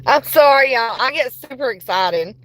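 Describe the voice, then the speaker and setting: A woman livestreaming a ghost investigation from her car on a phone, politely addressing spirits and bursting into excitement. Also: high-pitched, normal speed, rough recording. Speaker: paranormal livestreamer. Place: inside a car.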